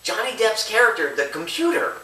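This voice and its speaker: This man chats through a movie review in a lively, up-and-down voice that rambles and keeps restarting. His tone is bright and edgy. He sits a little away from the mic, in an echoey room. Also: high-pitched, brisk, far from the mic. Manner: rambling, chatty, self-interrupting. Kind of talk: casual video review.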